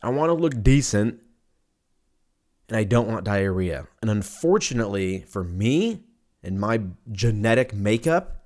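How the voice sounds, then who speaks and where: A man's voice: lowish voice, animated, measured pace, a little mellow. Rambling, profane podcast guy. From Armenian and German heritage. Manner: rambling, profane, self-mocking. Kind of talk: casual comedic monologue.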